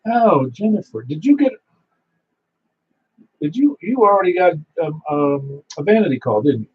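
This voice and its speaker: Husky chatty man running a radio net. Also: a little high, big pitch swings, normal speed. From Niagara Falls, New York. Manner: chatty, storytelling, laughs easily. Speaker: net control operator. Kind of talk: ham radio net chat. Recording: muffled lo-fi radio audio.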